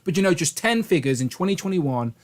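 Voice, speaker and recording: Casual male stream host, chatty and upbeat, voice sits a little high. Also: sing-song, quick pace. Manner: upbeat, rambling, laughs often. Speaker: livestream host. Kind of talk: casual livestream chat.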